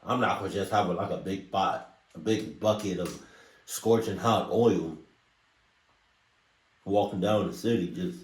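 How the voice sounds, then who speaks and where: A man's voice: low voice, unhurried, pauses often. A man hosting a reaction video, rambling and joking, trailing off mid-thought as he comments. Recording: roomy, distant mic.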